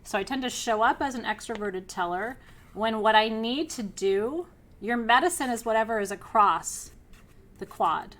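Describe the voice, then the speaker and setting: Lively, chatty woman teaching a class. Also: fairly high pitch, moderate pace. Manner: energetic and outgoing, laughs often, checks in with listeners. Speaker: spiritual teacher leading an online class. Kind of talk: teaching a live class to students.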